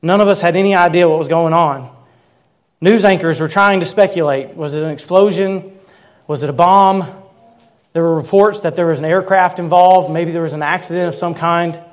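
A man in his thirties preaching a sermon, telling a personal story earnestly and slowing down to stress key words. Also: a little high. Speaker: pastor.

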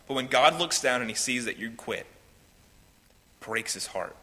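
A man preaching a sermon as pastor, swinging between loud pleading and hushed, quiet lines. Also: mid-range voice, expressive, moderate pace. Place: church sanctuary. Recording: reverberant hall with faint noise.

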